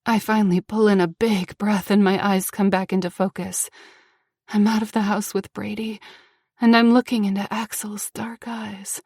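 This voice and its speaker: Young woman, first-person audiobook narration, emotional, tense and hushed by turns, mid pitch, dry sound. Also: flat delivery, normal speed, breathy edge, dry recording.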